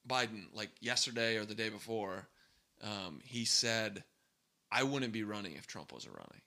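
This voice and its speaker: A young man co-hosting a podcast, chatting casually in an animated, quick way with lots of fillers and laughs. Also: lowish voice. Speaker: podcast co-host. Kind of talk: casual chat.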